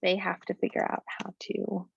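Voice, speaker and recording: A woman's voice: medium pitch, completely flat delivery, moderate pace, vocal fry, slightly rough, dry recording, muffled recording. A woman teaching a live coding class, thinking aloud with many fillers and talking bluntly about clients. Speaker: coding bootcamp instructor.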